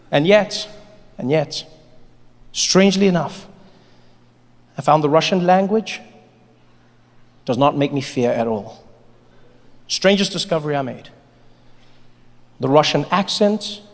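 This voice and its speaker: A male stand-up comedian talking in a lively, conversational way with a fairly high voice. His voice rings through a long hall reverb, with a crowd and faint noise behind. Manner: animated, conversational. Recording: echoey hall with audience.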